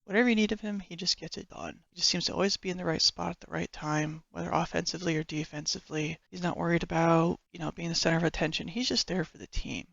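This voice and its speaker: A woman's voice: fairly low pitch, steady tone, fast talker, creaky, few pauses, a bit bright, no room sound, highs cut off. A woman who is a hockey fan vlogger, chatting enthusiastically and a bit rambly about players, often correcting herself. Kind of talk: casual fan commentary.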